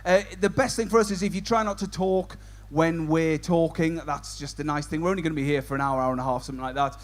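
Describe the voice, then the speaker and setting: Guy mc-ing a student comedy night, high voice, teasing the crowd, chatty and cheeky. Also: fairly even intonation, fast. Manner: cheeky banter with audience members. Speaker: stand-up comedy compere. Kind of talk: crowd work stand-up.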